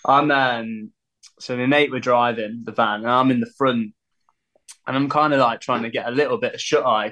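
A man, a musician guest telling lively anecdotes and laughing as he acts out quotes. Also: medium pitch. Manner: animated, laughing storyteller who acts out quotes.

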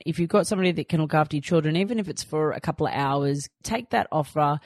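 Recorded in a clean studio with no echo, a low-pitched Australian woman in her thirties hosts a podcast. She chats casually, telling stories and acting out what she said.

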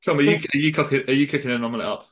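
A man co-hosting a casual chat, talking sympathetically in halting, restarting sentences. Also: mid-range voice, a bit bright. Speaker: co-host.

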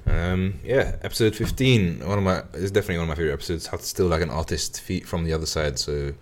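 A man's voice: low voice, fast talker. A man hosting a book podcast in casual chat, laid-back and hesitant with many fillers. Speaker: podcast host.

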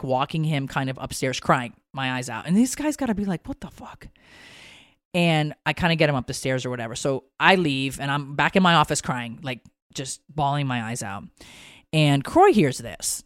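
A woman's voice: sits low, dry recording, clean studio sound. A woman co-hosting a podcast in casual chat, rambling and emotional, swearing freely. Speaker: podcast co-host.

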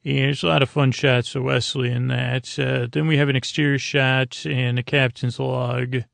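A man's voice: medium pitch, little pitch movement, moderate pace, creaky, a bit bright, no room sound. A man hosting a podcast, recapping an episode in a casual, rambling way with many fillers and restarts. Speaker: podcast host.

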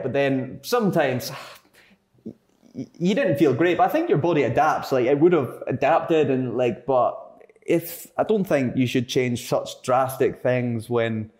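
A man, once a professional footballer, talks loosely about his playing days. He rambles and leans on filler words as he goes. His voice sits at an ordinary, middling pitch. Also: lively intonation, a little slow, darkish tone. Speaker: former footballer guest. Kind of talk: casual podcast conversation.

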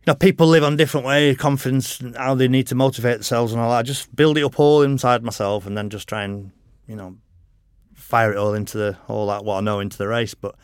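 A man's voice: mid-range voice, steady tone, fast talker, clean tone, dry recording, studio quality. A middle-aged man, a podcast guest telling rambling stories in a casual way, swearing freely and laughing often. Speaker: podcast guest, motorcycle racer. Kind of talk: casual interview chat.

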